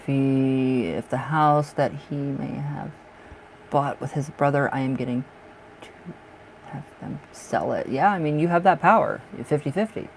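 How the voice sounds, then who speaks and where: A man's voice: medium pitch, a little slow, vocal fry, a little hiss or hum, low-quality recording. Man tarot reader on a live stream, from the northern US, chatty and giggly, mid-range voice. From northern United States. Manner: chatty, laughs often, repeats himself.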